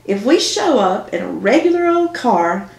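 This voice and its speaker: A woman reading a book aloud, voicing a pushy, excitable woman friend who teases quickly and squeals. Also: mid-range voice, gravelly, roomy sound. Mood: teasing.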